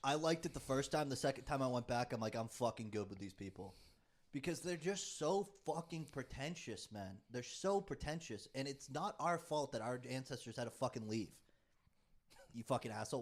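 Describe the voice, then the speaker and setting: A man's voice: medium pitch, a little fast. A man, co-hosting a casual podcast chat and ranting heatedly with plenty of swearing. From United States. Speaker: podcast co-host.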